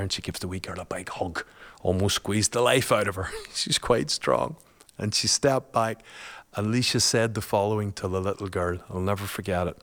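A man's voice: deep voice, a bit bright. A man, a guest and father, telling a personal story in a chatty, colloquial way, laughing often.

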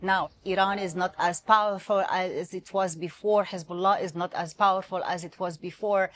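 A female foreign correspondent who explains events at length, speaking steadily and fluently over a remote link in a news interview. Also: mid-range voice.

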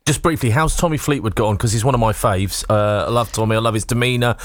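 Fast-talking low-voiced male co-presenter. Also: dry recording. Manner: enthusiastic, asks quick questions. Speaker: radio co-presenter. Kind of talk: sports radio chat.

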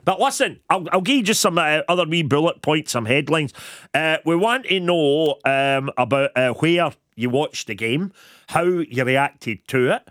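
A man's voice: on the high side, expressive, a bit bright, no room sound, studio quality. A man with a Scottish accent hosting a casual football chat show, rambling and laughing easily. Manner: chatty, rambling, quick to laugh. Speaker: radio football show host.

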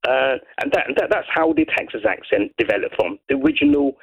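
Gravelly man rambling on a phone line. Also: a little high, huge pitch swings, fairly quick. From Brighton, England. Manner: hesitant, repeats words, rambling. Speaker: caller. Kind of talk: phone-in chat. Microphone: telephone.

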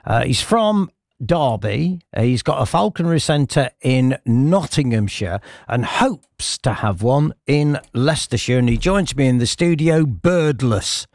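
A man's voice: medium pitch, expressive, creaky, a little mellow, no room sound. A male breakfast radio presenter, chatting and teasing a guest in the studio. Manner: chatty, teasing, quick to interrupt. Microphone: studio microphone.

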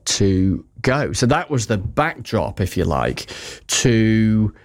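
A man talks loosely and conversationally on a news podcast, his voice sitting on the low side. He fills his talk with ums and uhs, and his throat is scratchy from pollen. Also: big pitch swings, slow pace. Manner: chatty and discursive, with many fillers. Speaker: political correspondent. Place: Westminster.

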